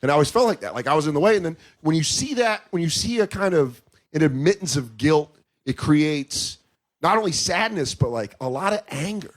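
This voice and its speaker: A man's voice: fairly high pitch, fairly quick. A man in his thirties, a comedian talking candidly in a podcast conversation, telling stories with lots of swearing and acted-out quotes. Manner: profane, animated storytelling with quoted voices. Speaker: comedian guest.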